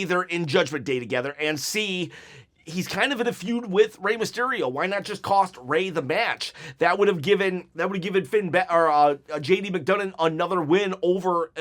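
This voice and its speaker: Give me a chatty man reviewing wrestling, high-voiced. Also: fairly bright tone. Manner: rambling, restarts often, laughs at own jokes; recaps wrestlers' lines in quick mimicked quotes. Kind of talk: casual solo review.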